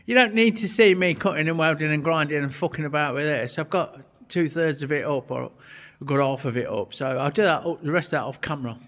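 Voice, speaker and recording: A man's voice: on the high side, fast, few pauses, a bit bright. Sweary man in a workshop. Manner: blunt, swears a lot, chatty. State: out of breath at times. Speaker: vlogger and metal fabricator. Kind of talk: casual workshop vlog narration.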